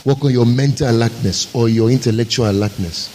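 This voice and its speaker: A man's voice: mid-range voice, a little fast, darkish tone, slight background noise, low-quality recording. Emphatic man preaching a sermon. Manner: emphatic, rhetorical preaching with repeated phrases. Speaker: pastor.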